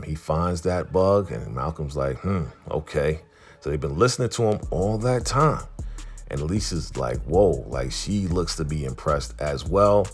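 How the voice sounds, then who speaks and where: A man with a very deep voice talking through an episode recap in a loose, streetwise way. He chats casually like he's telling a friend. Faint music plays underneath. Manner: chatty, streetwise. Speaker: vlogger reviewing a TV episode.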